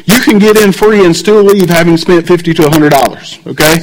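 High-voiced pastor, chatty sermon. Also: male voice, a little fast, background noise. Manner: conversational, animated, asks the congregation frequent checks like "right?". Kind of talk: sermon with storytelling.

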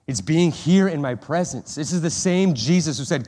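A man's voice: moderate pace, hardly any pauses. A man preaching a sermon to his congregation in a conversational way, often asking "right?" and restarting his sentences, and acting out prayers and quotes with more energy. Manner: animated, acts out prayers and quotes in a higher, louder voice. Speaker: pastor.

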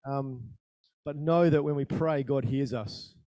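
A man preaching a sermon in a conversational style, asking the listeners questions and telling stories with sudden bursts of loudness. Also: medium pitch, a little slow, no echo. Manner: animated storytelling with sudden rises in volume. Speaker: pastor.

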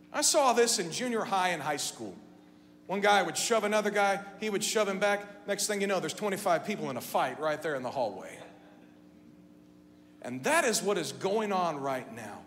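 A man preaching a sermon to his congregation, going from quiet, conversational talk up to shouting. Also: fairly high pitch. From Midwestern United States. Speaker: pastor. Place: church sanctuary. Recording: long hall reverb, faint hum.

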